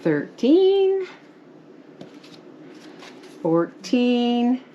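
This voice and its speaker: A woman's voice: on the high side, very animated, extremely slow, mellow, highs cut off, slight background noise. A woman chatting casually and counting cards as a guest in a home crafting session. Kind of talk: casual chat.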